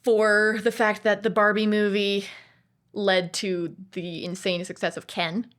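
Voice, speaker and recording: A talkative woman co-hosting a podcast, voice sitting at an ordinary middle pitch. She rambles from point to point in easy conversation and slips into little put-on voices for other people's lines. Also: little pitch movement, a little slow, a bit bright. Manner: chatty and digressive, acts out other people's lines. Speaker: podcast co-host. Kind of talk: casual chat about movies.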